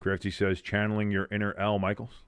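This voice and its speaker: A man's voice: fairly low pitch, completely flat delivery, a little fast, fairly bright tone, smooth, no room sound. A man hosting a live watch-along stream, calling plays as commentary, reading chat comments, correcting himself and cracking jokes. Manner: jokey, self-correcting, reads chat aloud.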